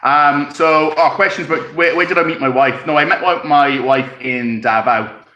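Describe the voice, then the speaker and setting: A man's voice: on the high side, moderate pace, sharp tone. A man from Wales with a Welsh accent, casually chatting on a live stream from his home, reading out comments, rambling and chuckling as he sips tea. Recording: echoey room.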